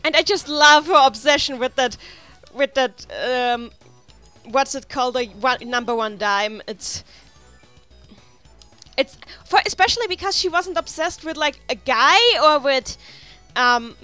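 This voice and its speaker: A high, bright-toned woman rambles chattily over her gameplay, often starting sentences again and wandering off into asides. Quiet game music runs faintly underneath her voice. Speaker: let's play host. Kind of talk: casual gameplay commentary.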